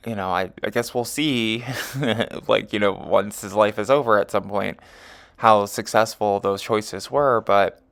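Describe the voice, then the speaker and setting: Low-leaning and a bit bright with audible vocal fry, this man reads an astrology chart in a loose, meandering way. He's an astrology and tarot reader whose talk is full of "um," "you know," and self-corrections.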